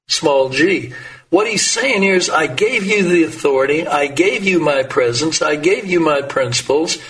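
A middle-aged man preaching a sermon, slow and emphatic, his voice rising when he quotes scripture. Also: a little high, fairly bright tone, recorded from a distance, low-quality recording.

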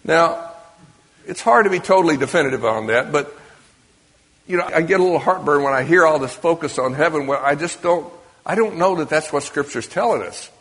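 A preacher with a slightly high, fairly bright voice and lively intonation speaks a little fast. He delivers a conversational sermon to a congregation, often asking the audience questions, in a church or meeting hall where a large hall's long reverb trails his words.

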